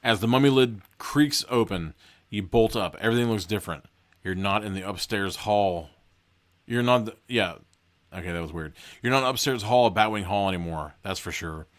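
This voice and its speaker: A man's voice: lowish voice, normal speed. A man hosting a podcast, casually reading a horror gamebook aloud and breaking off for joking asides. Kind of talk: casual read-aloud with commentary.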